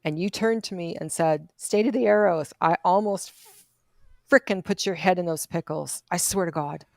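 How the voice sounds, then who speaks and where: A woman's voice: lowish voice, moderate pace, a little mellow, dry recording. Exasperated woman venting, dry close sound. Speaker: livestream co-host. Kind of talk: casual livestream chat.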